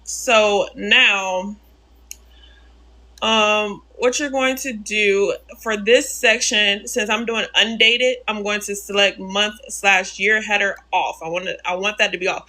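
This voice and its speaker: Female live-stream tutorial host, crisp bright tone, chatty, talks through every click and answers chat. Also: mid-range voice, steady tone, measured pace. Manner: narrates each click, repeats steps, answers chat. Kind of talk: casual live-stream software walkthrough.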